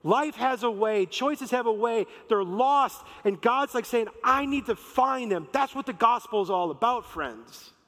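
A man's voice: extremely high pitch, expressive, unhurried, hardly any pauses, a bit bright. A man preaching a sermon in a conversational, emphatic way, acting out quotes. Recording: long reverb of a large hall.

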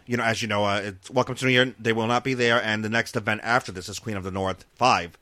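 A man's voice: fairly low pitch, fairly even intonation, quick pace, sharp tone, no room sound. A man chatting casually on a wrestling podcast, rambling with lots of fillers and restarts. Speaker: wrestling promotion governor.

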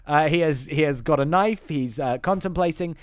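A man's voice: on the high side, moderate pace, clean tone. A man recapping a film in casual podcast chat, acting out lines in put-on voices and laughing often. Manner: animated retelling with mimicked voices and laughter. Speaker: podcast co-host.

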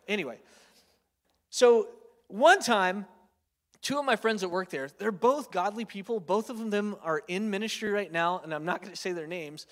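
Preacher in his thirties, high voice, casual storytelling sermon, long hall reverb. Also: a bit bright. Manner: chatty, storytelling, lots of filler words and tag questions.

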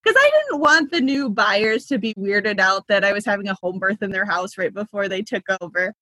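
A midwife and business consultant in her thirties chats as an interview guest, her medium-pitched voice lively, pushed, and bright, with no echo. She talks a little fast, laughing easily between thoughts and loosely filling her speech with "like."

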